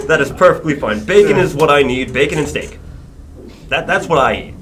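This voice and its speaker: A man in a band telling a story on a casual podcast, animated and swearing freely, laughing as he goes. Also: on the high side, a little hiss or hum. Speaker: band member guest.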